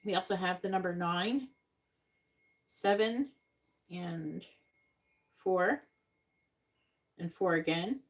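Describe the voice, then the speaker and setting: Speaking to viewers during a live-stream psychic reading, a woman with a lowish voice lists signs, letters and numbers, repeating and spelling them out slowly. Correcting people leaves her slightly exasperated. The sound is reverberant, captured on a slightly distant mic with faint noise.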